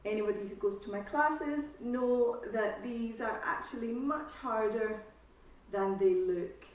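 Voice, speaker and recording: With a higher-pitched voice, a female exercise teacher guides a seated breathing session, calmly counting and offering unhurried breathing cues. The room is reverberant and she comes across as distant.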